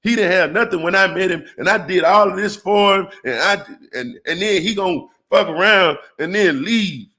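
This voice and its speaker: Man putting on a fed-up woman venting about an ungrateful ex, pitch nudged up. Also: moderate pace, few pauses, pushed and bright. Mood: aggrieved. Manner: resentful listing of sacrifices. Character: aggrieved woman complaining about her ex.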